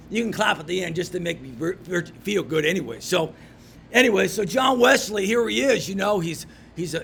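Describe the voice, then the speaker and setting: A man giving a storytelling devotional talk to a men's group in a pub, animated and swinging from loud emphasis to hushed asides. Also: sits high, vocal fry, a little hiss or hum. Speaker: men's ministry speaker. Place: pub room.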